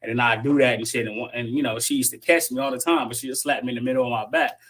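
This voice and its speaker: A man hosting a livestream and telling an animated, profane childhood story in casual slang, laughing often. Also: mid-range voice, fast. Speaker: stream host. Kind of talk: casual group chat on a livestream. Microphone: online call.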